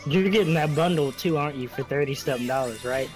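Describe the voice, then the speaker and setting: A man chatting casually on a gaming stream voice call, excitable, swearing freely and laughing often. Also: medium pitch, quick pace, over loud music. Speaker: stream guest. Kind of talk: casual voice chat.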